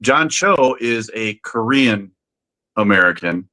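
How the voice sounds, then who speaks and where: A man's voice: fairly low pitch, expressive, takes it slowly, sharp tone, rough recording. A man co-hosting a podcast, chatting casually and often restarting his sentences with fillers. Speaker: podcast co-host. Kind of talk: casual chat.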